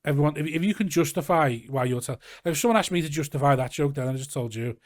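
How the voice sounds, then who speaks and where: A man's voice: on the high side, fast, no room sound, studio quality. A man from Liverpool with a Scouse accent, a comedian chatting casually as a podcast guest, rambling and swearing freely. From Liverpool, England. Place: garage studio.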